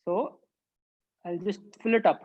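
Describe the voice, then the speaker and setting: A woman's voice: medium pitch, unhurried, a little mellow, dull audio. A woman who teaches an online drawing workshop for children and thinks aloud as she sketches. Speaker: art teacher.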